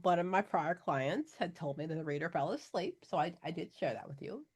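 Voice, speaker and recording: A woman hosting a casual video call as an exam tutor, speaking in brief, calm interjections. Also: on the low side, a little fast, husky.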